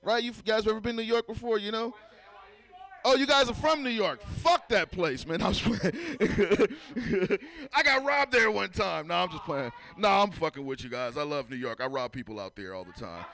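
A man's voice: high voice, moderate pace, gravelly, fairly bright tone, poor audio. A man from San Francisco doing a stand-up comedy set, talking loosely and profanely and teasing the crowd. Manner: loose, profane, chatty, teases the audience. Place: comedy club.

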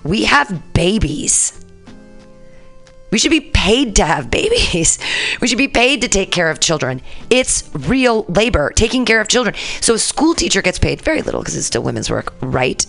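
A woman's voice: medium pitch, big pitch swings, moderate pace, creaky, a bit bright, soft background music. A woman hosting a radio show, ranting casually and profanely about politics and talking back to the news. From San Francisco area. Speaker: radio host.

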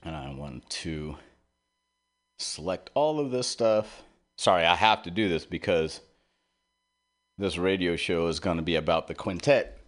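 A man's voice: sits low, animated, a little slow, pauses often. A middle-aged man hosting a radio show, rambling through a heartfelt personal monologue with plenty of swearing.

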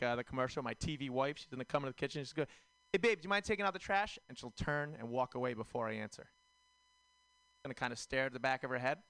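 A man's voice: medium pitch, a bit bright, smooth, no room sound. A man doing a stand-up comedy set on a club stage, rambling and full of fillers. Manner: rambling, filler-heavy delivery. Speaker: stand-up comic.

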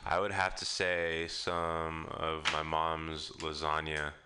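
A man guesting on a radio show, answering in a slow, deadpan stoner drawl. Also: very deep voice, noisy background. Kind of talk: laid-back chat.

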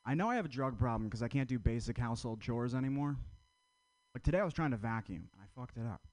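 Male stand-up, deadpan one-liners, mid-pitched, dry close mic. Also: fast, no echo. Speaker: stand-up comedian.

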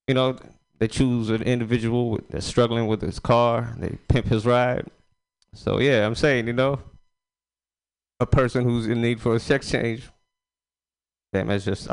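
A man's voice: mid-range voice, clear, resonant tone. A man performing a loose, rambling stand-up set on a comedy club stage. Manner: loose, rambling delivery with frequent fillers. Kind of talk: stand-up set at an open mic.

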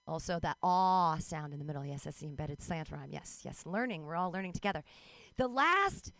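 A young adult woman doing a wry, self-mocking stand-up set out in the street, with quick asides and put-on voices. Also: low voice, animated, a bit bright, dry recording. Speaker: stand-up comic. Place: street outdoors.

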